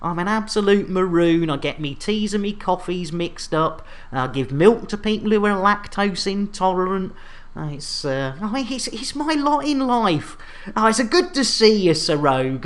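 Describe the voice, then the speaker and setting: A game streamer chatting casually on a live stream, with jolly, chatty showman patter and playful catchphrases. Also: mid-range voice.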